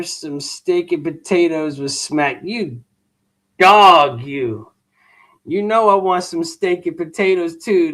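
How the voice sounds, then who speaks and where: A man's voice: high-pitched, a bit bright. A tired adult man hosting a livestream and talking casually with his chat. He uses a lot of slang, says "bro" often and waves off a troll. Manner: dismissive toward a chat troll. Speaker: livestream host.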